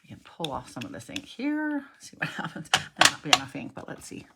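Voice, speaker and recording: A woman's voice: sits low, huge pitch swings, brisk, vocal fry, very noisy. A middle-aged woman giving a casual cardmaking lesson at her craft table, chatty and thinking aloud as she works, often correcting herself. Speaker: cardmaking instructor.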